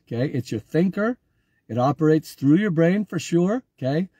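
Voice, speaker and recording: A man's voice: on the high side, animated, normal speed, dark tone, husky, no echo. A man giving an informal online sermon, talking conversationally, repeating himself and calling on viewers by name. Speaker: pastor.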